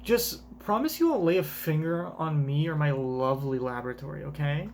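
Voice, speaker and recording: A man's voice: a little high, lively intonation, normal speed, a little hiss or hum. A man voicing a coy, scheming young woman scientist in a teasing, sing-song voice while reading a manga aloud in voices. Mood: wheedling.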